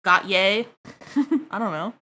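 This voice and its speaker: A woman's voice: medium pitch, takes it slowly, sharp tone. A woman livestreaming while she draws, chatting with her viewers in a crude, joking way. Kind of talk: casual stream chat while drawing.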